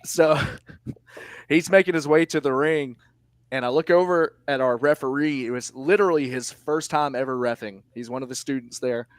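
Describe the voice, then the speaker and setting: Animated man telling a story, dry sound. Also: medium pitch, moderate pace, dry recording. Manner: animated storyteller, acts out quotes, laughs often. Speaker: indie wrestling commentator. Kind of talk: casual podcast chat, storytelling.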